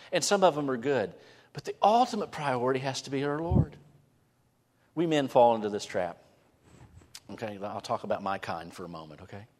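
A man gives an animated sermon in a church sanctuary, his voice at an ordinary middle pitch. He drops to near-whispers, then swells to emphatic lines. The sound carries a long reverb from the big hall around him. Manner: animated preaching, shifting from hushed to emphatic. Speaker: pastor.

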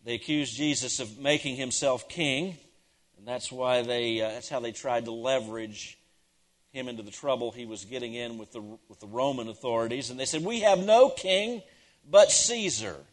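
A man preaching a sermon, swinging from loud, emphatic declarations down to hushed, near-whispered lines and repeating key phrases for effect. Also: medium pitch, fairly even intonation, normal speed. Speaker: pastor.

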